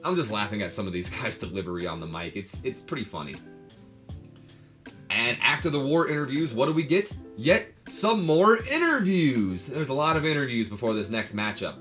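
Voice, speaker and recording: A man's voice: mid-range voice, lively intonation, fairly quick, fairly bright tone, soft background music. A man hosting a casual review channel, chatting and rambling with many fillers and the odd laugh. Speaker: wrestling review channel host.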